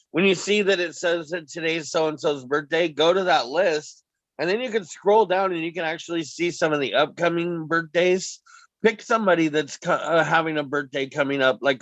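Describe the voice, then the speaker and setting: A man with the hiccups leading a team call, giving rambling, relaxed sales advice. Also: fairly high pitch, no room sound, highs cut off. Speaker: team leader. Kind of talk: casual coaching chat.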